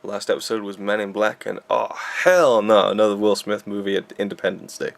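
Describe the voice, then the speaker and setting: Low gravelly young man. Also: brisk. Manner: rambling, self-deprecating, lots of fillers. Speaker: film reviewer. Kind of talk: casual film review chat.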